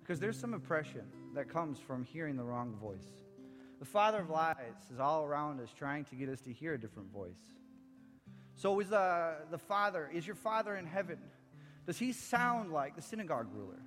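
A man preaching a sermon, impassioned, swinging from near-shouts down to low, quiet lines. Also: lively intonation, normal speed. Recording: echoey hall with faint music.

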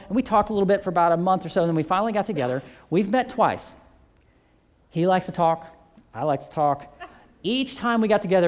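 A man who teaches a church faith course, telling a testimony story and acting out both sides of the conversations. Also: high voice.

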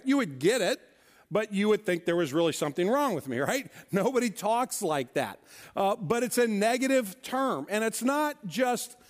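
A male pastor preaching a Sunday sermon, emphatic, with rhetorical questions and asides to the congregation. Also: high-pitched.

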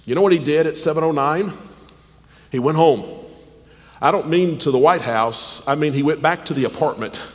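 A slightly hoarse man preaching a sermon, rising to high, emphatic stresses and dropping low and quiet. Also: moderate pace. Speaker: pastor. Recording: long hall reverb.

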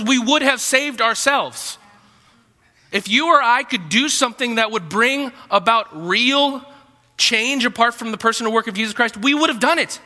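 A man's voice: sits high, bright, forceful tone, in a large hall. A man preaching a sermon as a pastor, conversational, with asides and repeated words.

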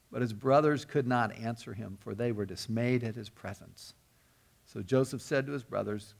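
Gravelly-voiced man preaching a sermon. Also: mid-range voice, moderate pace. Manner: earnest storytelling with repeated words and restarts. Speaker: pastor.

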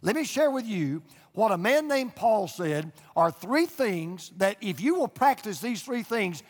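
An older man delivers a sermon in a fairly high voice, telling homespun stories and hammering his points home with emphatic repetition. His voice rings out through a large church auditorium, trailing a long reverb. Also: very animated, a little slow. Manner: folksy storytelling preacher, emphatic repetition. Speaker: pastor. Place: church auditorium with a live and online audience.

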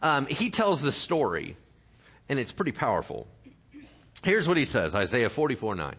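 A man's voice: mid-range voice, sing-song, moderate pace, a bit bright, husky. A male pastor preaching a sermon, reading scripture aloud with dramatic emphasis and tossing playful asides to the congregation.

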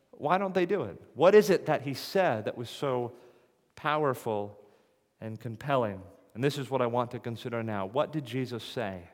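A man preaching an expository sermon, reading scripture and posing rhetorical questions that build to emphatic peaks. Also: mid-range voice. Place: church sanctuary. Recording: long hall reverb.

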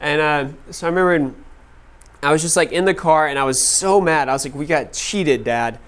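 A man's voice: fairly high pitch, fairly quick, fairly bright tone, smooth. A man in his thirties teaching a class, telling personal stories casually with lots of "like" fillers. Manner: casual, many "like" fillers, laughing at own stories. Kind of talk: storytelling talk to a class.

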